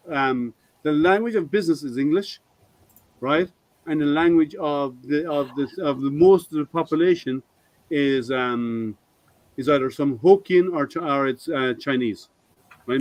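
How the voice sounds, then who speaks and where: A man's voice: on the high side, a little slow, dry recording, low-quality recording. A man hosting a casual maker hangout, rambling with lots of ums and restarts. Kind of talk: casual chat.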